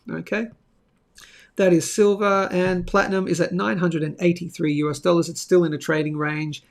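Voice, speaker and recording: A man's voice: fairly high pitch, creaky. A man hosting a live market show, talking through charts casually, thinking aloud, with sudden bursts and asides.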